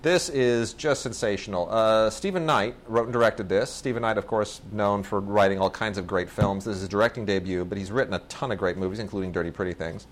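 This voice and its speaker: A man's voice: on the low side, a little fast, hardly any pauses, a little hiss or hum. Enthusiastic man rambling about films. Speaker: podcast host reviewing films. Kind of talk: casual film review chat.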